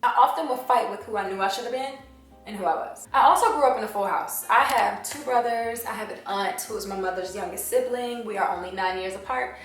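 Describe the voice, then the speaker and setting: Talking to camera, a young woman from Washington, D.C. gives a candid, emotional personal testimony in a confessional way. Her mid-range voice moves a little fast. The room is very echoey, she sits away from the mic, and faint music plays.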